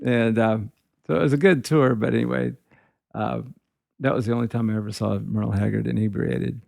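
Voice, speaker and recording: Middle-aged male guitarist, gravelly, casual rambling storyteller. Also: mid-range voice, fairly even intonation, brisk, darkish tone, no echo, studio quality. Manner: rambling anecdotes peppered with "you know". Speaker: guitarist telling tour stories.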